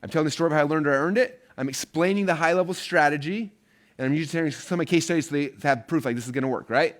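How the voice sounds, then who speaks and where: A man teaching a live online marketing course at a rapid clip, his voice sitting a bit high. He talks with chatty energy and keeps checking in with "right?" and "okay?".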